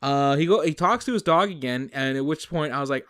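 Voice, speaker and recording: Male podcast co-host, casual and animated, slightly high, dry booth sound. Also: quick pace, few pauses, dry recording. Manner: animated, jokey recaps with sudden pitch jumps. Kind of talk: casual movie-review chat.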